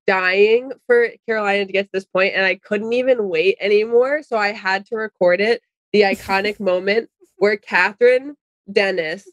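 A young woman co-hosting a casual chat, telling stories fast and casually with swearing. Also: medium pitch, no echo. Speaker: podcast co-host.

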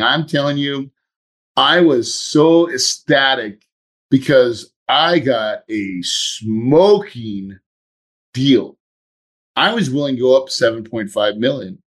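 A man hosting a podcast, telling a story in a casual, animated way and acting out his own thoughts. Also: medium pitch. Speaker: podcast host.

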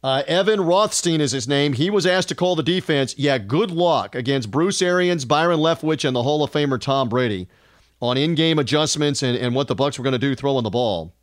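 A man's voice: mid-range voice, a little fast, dry recording, studio quality. A man hosting a sports podcast, delivering an upbeat, run-on introduction with frequent fillers. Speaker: podcast host.

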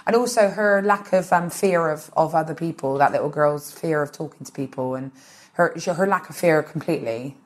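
A woman's voice: low voice, normal speed. A woman comedian talking as a podcast guest, gushing about films and tripping over repeated words. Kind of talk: casual comedic interview.

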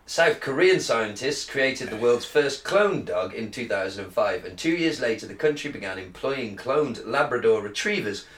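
A man's voice: medium pitch, animated, normal speed, few pauses, a bit bright. A man co-hosting a podcast, reading news aloud in a crude, joking way and slurring a little after a beer. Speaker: podcast co-host. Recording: roomy echo.

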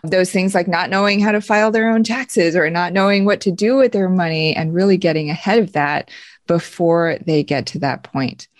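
A woman's voice: lowish voice, moderate pace, dry recording, studio quality. A woman hosting a casual podcast, asking questions and chiming in with short agreements. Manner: brief affirmations, interviewing. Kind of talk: casual conversation.

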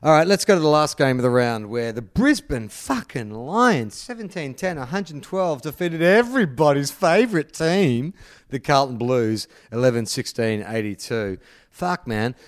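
A man's voice: mid-range voice, normal speed, no room sound, studio quality. An Australian man co-hosting a sports podcast, joking and swearing in casual chat. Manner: playful, swearing, lively intonation. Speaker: podcast co-host.

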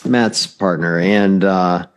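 Low-voiced middle-aged male podcast host. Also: fairly even intonation, slow. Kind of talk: casual podcast chat.

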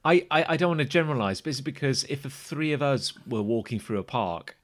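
A man's voice: mid-range voice, a crowd in the background. A man in his thirties co-hosting a comedy podcast, stammering as he builds up his points. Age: 30s. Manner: halting, stammering build-ups. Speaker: podcast co-host. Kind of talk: casual comedic chat.

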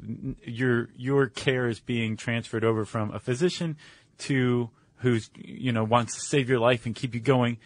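A man's voice: medium pitch, fairly even intonation, measured pace, no echo. A man co-hosting a podcast, explaining in casual chat with fillers and restarts. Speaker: podcast co-host.

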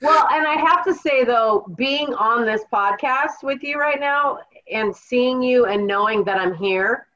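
A woman's voice: on the high side, a little slow, hardly any pauses, pushed and bright, muffled recording. A woman from Washington State's Kittitas Valley, a podcast guest and author, telling her story in an earnest, reflective way. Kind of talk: conversational podcast interview.

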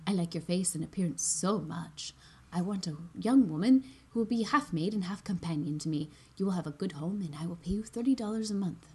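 A woman reading aloud and voicing a sweet, gentle white-haired old lady in a soft, whispery voice. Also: fairly low pitch, fairly quick, husky.

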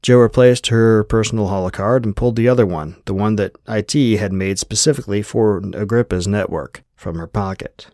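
A man narrating an audiobook in an even, measured reading style. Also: on the low side, no echo, clean studio sound. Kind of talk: scripted narration.

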